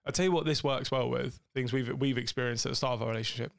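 A man's voice: medium pitch, fairly even intonation, quick pace, gravelly, no room sound, clean studio sound. A man co-hosting a podcast in casual couple's chat, a joking, rambling storyteller. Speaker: podcast co-host.

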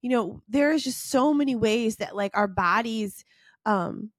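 A woman's voice: on the high side, a little slow, no room sound, clean studio sound. A woman hosting a podcast, talking earnestly and encouragingly in a reflective self-help monologue aimed straight at the listener. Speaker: podcast host.

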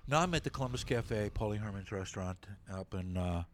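A middle-aged man, a guest on a talk show, telling a long story in a lively way, swearing freely and acting out the other people in it. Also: lowish voice, fairly quick, slight background noise. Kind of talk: animated storytelling.

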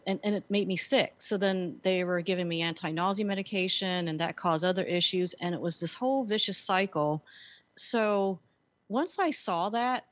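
With a mid-range voice and no echo, an author and speaker shares her story earnestly as an interview guest. The exchange is conversational, and she uses fillers often.

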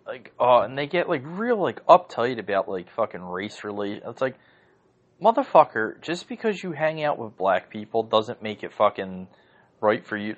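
A man's voice: medium pitch, fairly bright tone, dull audio. A man hosting a podcast from home, ranting casually and heatedly, swearing often and rambling through lots of fillers. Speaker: podcast host. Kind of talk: casual rant.

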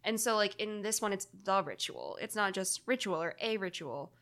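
Bright-voiced woman chatting casually. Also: mid-range voice, brisk. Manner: rambling, laughs often, many "like" fillers. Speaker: podcast co-host. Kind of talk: casual chat.

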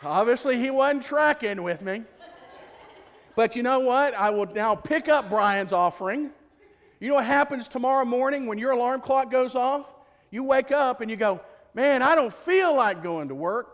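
A man's voice: extremely high pitch, normal speed. A man preaching a sermon as pastor, in a conversational, jokey way full of rhetorical questions. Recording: long reverb of a large hall.

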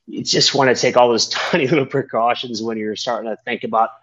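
A man's voice: mid-range voice, steady tone, fairly quick, fairly bright tone, lo-fi sound. A man, a tandem skydiving instructor telling a story in a casual, rambling chat and swearing freely.

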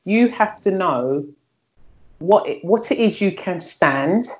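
A middle-aged female guest, voice lowish and darkish, speaks slowly but with animation. Her talk is a candid personal conversation about her life, frank and earthy, and she frequently repeats words as she gropes for them.

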